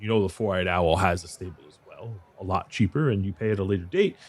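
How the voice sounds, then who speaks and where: A man narrating a tabletop game as dungeon master, describing scenes with restarts and pauses. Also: low-pitched, animated.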